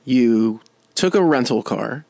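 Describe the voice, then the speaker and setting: A man's voice: medium pitch, expressive, takes it slowly, vocal fry, darkish tone, no echo. A man co-hosting a golf podcast, teasing his co-host in joking banter. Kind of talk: casual chat.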